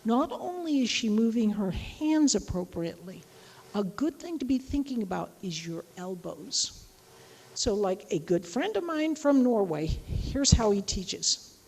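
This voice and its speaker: A woman giving a casual, chatty lecture on teaching, animated and full of asides. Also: medium pitch, unhurried, breathy edge, long reverb tail, rough recording. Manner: chatty, animated, acts out quoted voices. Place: lecture hall.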